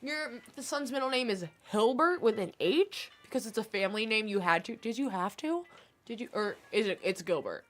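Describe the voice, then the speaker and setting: A woman's voice: on the high side, lively intonation, normal speed, soft background music. A young woman streaming a game, chatting casually and answering her chat, with a stuffy nose. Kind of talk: casual chat while gaming.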